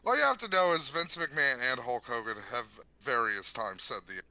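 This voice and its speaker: A man's voice: medium pitch, very animated, moderate pace, crowd noise. A man in a casual comedic chat who builds long, absurd bits step by step.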